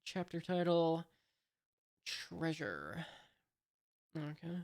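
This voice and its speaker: A woman reading a comic aloud in a casual way, pausing often with filler sounds and adding dry asides. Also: low-pitched, sing-song, darkish tone. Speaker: manga reader and commentator. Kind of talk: casual read-through with commentary.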